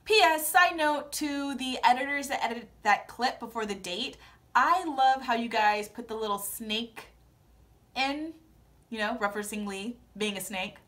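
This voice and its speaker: A woman vlogger talks through a reality-show recap in a high voice. She has a casual, gossipy style and narrates in an animated way. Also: a little slow.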